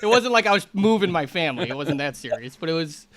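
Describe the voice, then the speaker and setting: A man's voice: fairly high pitch, lively intonation, fast, fairly bright tone. A man hosting a podcast, chatting casually in a rambling, laid-back way. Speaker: podcast host. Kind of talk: casual chat.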